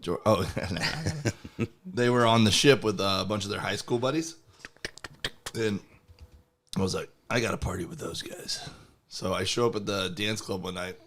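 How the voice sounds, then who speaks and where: A man co-hosting a comedy podcast, telling rambling anecdotes in a casual, animated way. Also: on the low side, unhurried, long pauses, a little hiss or hum. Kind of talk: casual storytelling.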